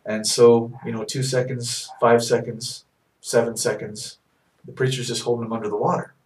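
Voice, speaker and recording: A soft-spoken minister tells a story in an unhurried way, often pausing and restarting. His voice sits at a middle pitch for a man. He sounds a bit distant from the microphone, recorded in a small office. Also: level tone. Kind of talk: sermon storytelling.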